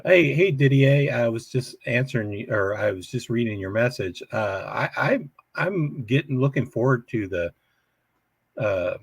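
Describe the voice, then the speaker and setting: A man's voice: mid-range voice, gravelly, slightly rough, dry recording. A man hosting a casual live chat from home, rambling and chuckling often. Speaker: livestream host.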